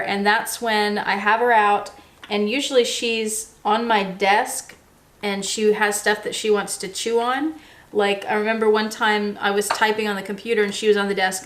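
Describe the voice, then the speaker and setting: A woman chats casually to the camera in a relaxed vlog style. Her voice sits in an ordinary middle pitch. She explains patiently with everyday examples and drops in plenty of ums. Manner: chatty and relaxed, with frequent ums and restarts. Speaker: vlogger.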